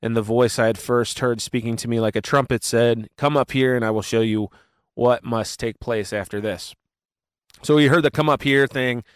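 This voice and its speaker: A man being interviewed as a worship pastor, telling his story in a casual, animated way with plenty of fillers and quick asides. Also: mid-range voice, clear, resonant tone, no echo, studio quality.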